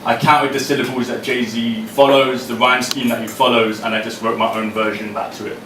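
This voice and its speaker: A man's voice: mid-range voice, little pitch movement, a little fast. A man from Britain, a poet, chatting with a live audience and performing his poems with a rhythmic delivery. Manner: chatty and self-deprecating, then rhythmic declaiming. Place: live event venue. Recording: echoey room, distant mic, noisy.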